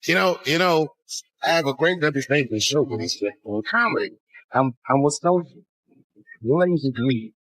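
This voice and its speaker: Animated stand-up comic, man in his fifties. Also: mid-range voice, normal speed. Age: 50s. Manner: animated, punchy storytelling. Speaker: stand-up comedian. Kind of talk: stand-up comedy routine.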